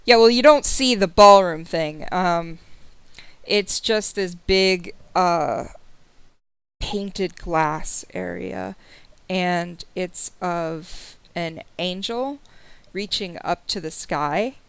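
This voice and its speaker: A woman narrating a tabletop game as game master, describing scenes slowly with many pauses. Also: lowish voice, vocal fry, smooth, dry recording. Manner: slow, descriptive, with fillers.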